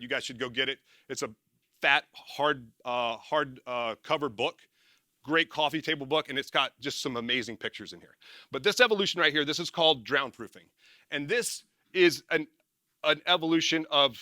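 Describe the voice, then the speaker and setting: A man giving a casual motivational talk to an audience, energetic and rambling, often correcting himself and laughing at his own slips. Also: a little high, no echo, clean studio sound. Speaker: former military speaker and success coach.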